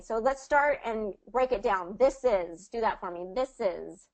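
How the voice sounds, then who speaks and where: A woman's voice: fairly high pitch, a little mellow, rough recording. Female pronunciation coach on a video call, patient and encouraging. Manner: patient, encouraging, models phrases slowly. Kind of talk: one-on-one online pronunciation lesson.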